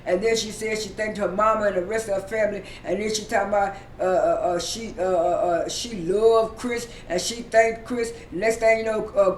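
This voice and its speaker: A man with a high-pitched voice retells a TV episode in a loose, casual way, stumbling over fillers and repeating himself as he goes. He sits some distance from the mic in an echoey room, with a faint low rumble underneath. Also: fairly even intonation. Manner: halting, many fillers and repeated words. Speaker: TV episode recapper. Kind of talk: casual spoken recap.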